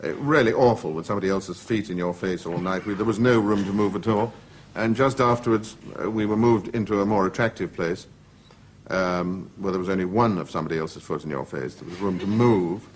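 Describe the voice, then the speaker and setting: A man's voice: low-pitched, brisk, slight background noise. A middle-aged man, a talk show guest, telling comic anecdotes with the timing of a witty raconteur in a television studio. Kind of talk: anecdotal storytelling.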